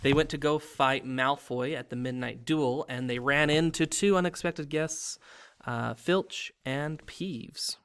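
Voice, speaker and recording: A man's voice: fairly high pitch, takes it slowly, clean tone. Man reading a novel aloud dramatically. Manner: animated, dramatic pacing. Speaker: read-aloud host.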